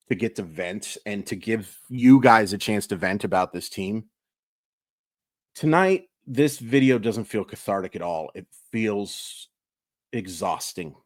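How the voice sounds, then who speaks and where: A man's voice: fairly low pitch, no echo, clean studio sound. Exasperated man venting a baseball recap. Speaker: sports YouTuber. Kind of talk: daily baseball recap vlog.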